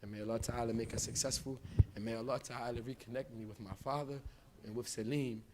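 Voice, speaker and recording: A man from the United States preaching live in a mosque, with a mid-range voice. His talk is loose and informal, with plenty of slang. He swings from loud, punchy lines to very quiet, intimate ones. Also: mid-range voice, fairly even intonation, fast talker, noisy background. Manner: informal street-style speech with big swings of volume. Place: mosque hall.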